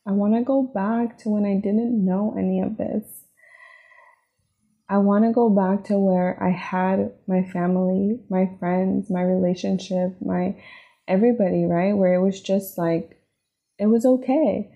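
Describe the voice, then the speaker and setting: A woman's voice: medium pitch, fairly even intonation, a little slow, creaky, phone-quality sound. A woman hosting a podcast, talking through her personal struggles in a reflective, confessional monologue, emotional and leaning on fillers like "like" and "right?". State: emotional, near tears. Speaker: podcast host.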